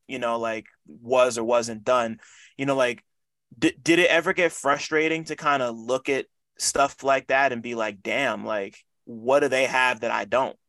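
A man's voice: medium pitch, fairly bright tone, no room sound. A man interviewing a guest in a casual chat, rambling through his questions with many filler words.

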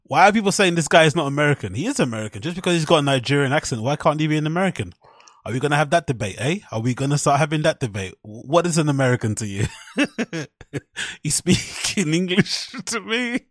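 A man's voice: a little high, big pitch swings, quick pace, a bit bright, no echo, studio quality. A man hosting a podcast, rambling in a loose, profane way with frequent fillers and amused laughter. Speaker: podcast host. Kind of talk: casual solo podcast rambling.

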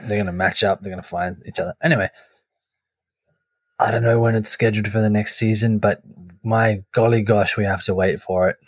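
A man with a fairly low voice banters casually as a podcast co-host. He jokes in a laid-back way. The sound is dry and close to the mic, with no room echo. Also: fairly even intonation, a little fast.

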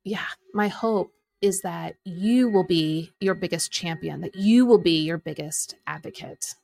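A middle-aged woman coaching and telling a personal story in an animated way, acting out quoted lines. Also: lowish voice, unhurried, vocal fry. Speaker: Enneagram coach and podcast host.

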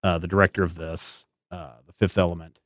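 Male podcast host, low pitch, dry close sound, meandering chatty delivery. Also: level tone, brisk, dry recording. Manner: rambling, thinks aloud with many fillers. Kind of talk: casual podcast discussion.

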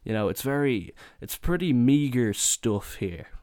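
A man's voice: mid-range voice, sing-song, a little slow, darkish tone, no echo, studio quality. A young man telling a comic holiday anecdote in a loose, casual way, swearing freely and acting out the lines of people in his story. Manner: swears a lot, acts out quotes in raised voices.

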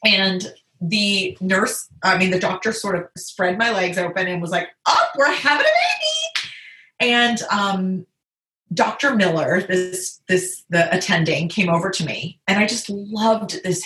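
A woman casually telling a personal story, animated and often laughing. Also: unhurried. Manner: animated, laughs often, quotes others in high voices. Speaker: guest telling her birth story. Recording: echoey room.

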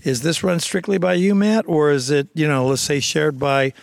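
A man co-hosting a casual on-location interview, telling animated stories and joking with his guest. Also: a little high, vocal fry. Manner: animated storyteller, quick jokes and impressions. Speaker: radio show co-host.

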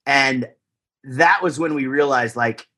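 Man, forties, husky voice, rambling easygoing podcast guest. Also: mid-range voice, slow, pushed and bright. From Texas, USA. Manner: rambling, lots of fillers and restarts, easygoing. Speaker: guest musician. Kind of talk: casual interview chat.

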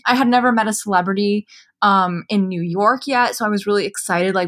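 A woman's voice: mid-range voice, moderate pace, fairly bright tone. A woman in her twenties, a podcast co-host, telling a story in casual chat over drinks, full of "like" and swearing. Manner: chatty storytelling, frequent "like" and swearing.

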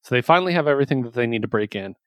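A man's voice: medium pitch, animated, very fast, no echo. A man hosting a casual podcast, recapping comic books with loose, enthusiastic chatter and the odd swear. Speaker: podcast host reviewing comics. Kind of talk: casual chat.

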